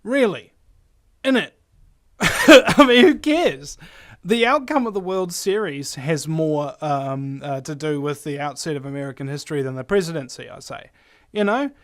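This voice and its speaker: A man's voice: a little high, lively intonation, moderate pace. A man hosting a call-in radio show and ranting sarcastically, with frequent mild swearing. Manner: irreverent, sarcastic, swears freely. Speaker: radio host. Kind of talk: casual opinion rant.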